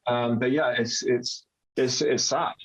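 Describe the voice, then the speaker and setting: A man's voice: mid-range voice, a little slow. A man from Canada hosting a podcast, talking casually and hesitantly with many fillers. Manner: relaxed, hesitant, lots of fillers. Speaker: podcast host. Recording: dull lo-fi sound.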